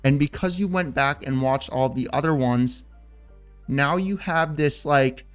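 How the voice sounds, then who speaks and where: A man's voice: mid-range voice, unhurried, clean tone, soft background music. A man in his thirties talking casually as a gaming YouTuber, rambling and filling his talk with "like" and restarts. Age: 30s. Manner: rambling, filler-heavy, self-interrupting. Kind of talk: casual vlog commentary.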